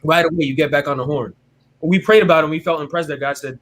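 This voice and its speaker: A man with a slightly high voice tells his faith testimony as an interview guest. He is casual and animated, and he often checks in with "right?" He also voices the people in his story as he goes. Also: fast talker. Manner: animated, often tags "right?", acts out other people's words.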